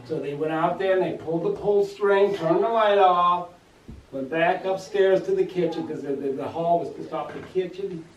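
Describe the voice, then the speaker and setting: A man telling a family ghost story in a halting, repetitive way, in a roomy space away from the mic. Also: high voice, muffled recording, a little hiss or hum. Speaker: family member. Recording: roomy and distant.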